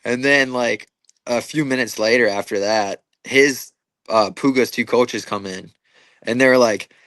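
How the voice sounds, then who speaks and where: A man's voice: medium pitch, a little slow, fairly bright tone, dry recording. A young man, an MMA fighter, telling stories in a casual interview with lots of fillers and swearing. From Minnesota, USA. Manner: casual, profane storytelling with many fillers and restarts.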